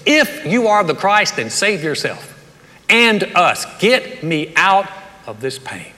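A man's voice: high-pitched, very animated, slow, pushed and bright, long reverb tail, full character voice. A man preaching who voices a bitter, hardened male thief lashing out in pain. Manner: harsh, lashing out.

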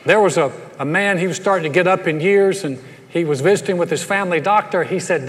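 A man's voice: high voice, quick pace. A man preaching a sermon as pastor, telling folksy stories and often repeating his words as he goes. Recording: reverberant church hall.

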